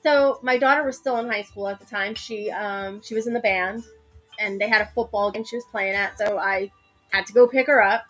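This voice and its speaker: A woman co-hosting a casual chat, telling an animated story and laughing often. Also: mid-range voice, a little fast, faint music behind. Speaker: co-host.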